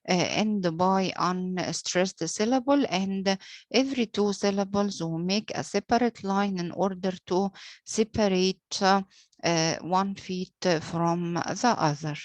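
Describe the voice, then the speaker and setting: A woman whose first language is Arabic teaches English poetry meter at a very slow, deliberate pace. She pauses often with "uh" and follows British pronunciation. Her voice is recorded dry and close, with no room echo. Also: mid-range voice. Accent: British-leaning English pronunciation. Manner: slow and deliberate, frequent "uh" pauses, spells out letters. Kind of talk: slow explanatory lecture.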